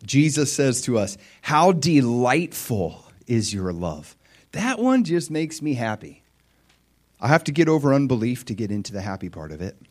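Animated male preacher, dropping to whispers. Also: mid-range voice, a little fast. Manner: animated, acts out prayers and Jesus' replies, drops to whispers. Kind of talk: sermon.

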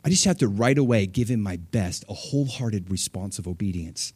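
A middle-aged man preaching a sermon, talking loosely and acting out voices with sudden jumps in pitch. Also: fairly quick, breathy edge, dry recording, studio quality. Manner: animated, acts out voices of people and God with sudden pitch jumps. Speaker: pastor.

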